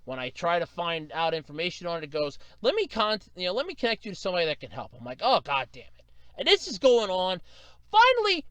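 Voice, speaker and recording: Male solo podcaster, exasperated storyteller; smooth, clear voice, very animated delivery. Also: high voice, no room sound. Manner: exasperated storytelling, mimics customer service agents. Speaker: podcast host.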